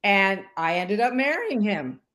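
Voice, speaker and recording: A woman in her sixties talks as a podcast guest, telling long stories with a lively swing in her voice. She acts out what other people said and keeps an easy conversational pace. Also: mid-range voice, measured pace. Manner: animated storyteller who acts out quoted voices. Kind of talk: storytelling interview chat.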